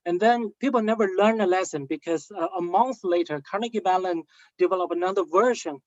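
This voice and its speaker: A man with a fairly high voice speaks on an online panel discussion, stopping often to restart his sentences and filling the gaps with "uh" and "um". The sound is dull and dry, like a video call. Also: fairly quick, no echo. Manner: hesitant, many fillers and restarts.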